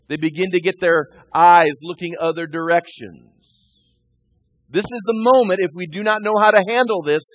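A male pastor delivers a sermon, his fairly high voice dropping to near-murmurs and then surging into loud, fervent scripture reading. The sound is close and dry, with no room echo. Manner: swings between hushed asides and loud emphatic scripture reading.

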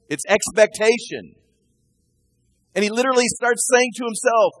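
A male pastor delivers a sermon, his fairly high voice dropping to near-murmurs and then surging into loud, fervent scripture reading. The sound is close and dry, with no room echo. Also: moderate pace. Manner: swings between hushed asides and loud emphatic scripture reading.

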